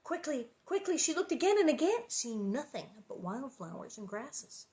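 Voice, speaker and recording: A middle-aged actress reading a children's book aloud to viewers, then chatting casually and animatedly with many fillers. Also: female voice, high voice, sing-song, moderate pace, darkish tone. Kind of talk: storybook reading and casual chat.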